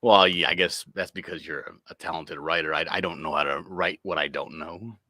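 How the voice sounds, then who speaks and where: A man's voice: deep voice, steady tone, brisk, bright, forceful tone, dry recording, studio quality. A man joining a livestream as a guest, talking in a laid-back way and swearing casually. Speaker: guest comic letterer.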